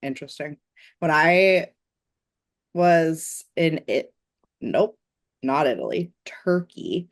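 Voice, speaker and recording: A woman from the States co-hosting a podcast in a relaxed, wry way, with short supportive replies. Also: low voice, slow, pauses often. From United States. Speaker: podcast co-host. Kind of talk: casual chat. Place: Portland, United States.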